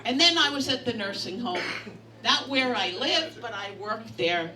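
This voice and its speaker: A woman's voice: on the high side, expressive, moderate pace. A woman, doing a brash, bawdy stand-up comedy set in a bar. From Brooklyn, New York. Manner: brash, bawdy storytelling with punchlines. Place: bistro bar comedy night. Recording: echoey, distant, noisy bar room.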